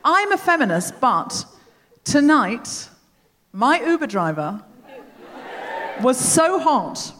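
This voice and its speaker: Animated woman on a reverberant stage. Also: a little high, slight background noise. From Australia. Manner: animated, self-mocking storytelling. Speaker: podcast host. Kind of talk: live comedy banter. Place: theatre stage. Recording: long theatre hall reverb.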